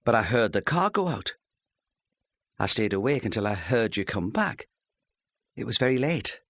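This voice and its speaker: A man voicing a timid, anxious fifty-year-old wife in an audiobook, talking softly with gushing politeness. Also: lowish voice, big pitch swings, normal speed, no echo, clean studio sound, exaggerated voice. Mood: pleading. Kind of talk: audiobook character voice.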